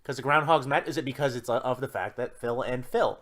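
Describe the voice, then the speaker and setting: A man's voice: mid-range voice, brisk, a bit bright. A man co-hosting a podcast in casual chat, rambling and restarting as he eagerly explains ideas. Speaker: podcast co-host.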